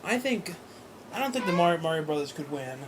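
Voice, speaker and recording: A man's voice: on the high side, big pitch swings, brisk, background noise. A young man co-hosting a casual question-and-answer chat, rambling with lots of fillers and casual swearing. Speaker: co-host answering viewer questions.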